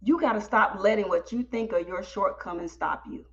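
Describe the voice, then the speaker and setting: A woman podcast host telling a story on a live stream, animated and talking straight to her audience. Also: medium pitch, moderate pace, lo-fi sound. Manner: animated, talks directly to the audience.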